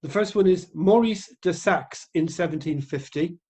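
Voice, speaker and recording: An English man running a quiz in a casual group chat, reading the questions slowly and deliberately. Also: on the high side, darkish tone, husky. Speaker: quizmaster.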